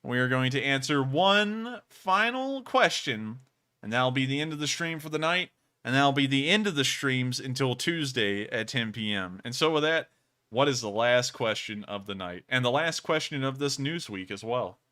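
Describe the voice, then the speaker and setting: Male live-stream news host, earnest and rambling, bright, crisp voice. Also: medium pitch, lively intonation, normal speed. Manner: earnest, talks in long run-on explanations.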